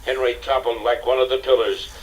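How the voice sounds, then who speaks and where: An older man narrating an audiobook in a steady, dramatic storytelling manner, on a distant, hissy cassette recording. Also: mid-range voice, brisk. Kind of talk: scripted narration.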